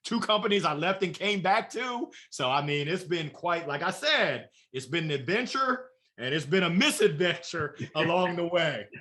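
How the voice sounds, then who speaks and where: A man talking as an interview guest, telling his career story with lively acted-out quotes. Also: fairly high pitch, moderate pace, few pauses. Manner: animated storyteller acting out quoted voices.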